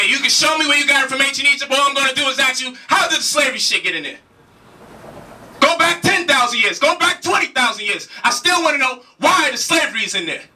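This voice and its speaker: A man's voice: very high-pitched, bright, forceful tone, far from the mic. A man giving a heated spoken lecture, emphatic, with repeated rhetorical questions and casual slang. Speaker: speaker challenging a debate opponent.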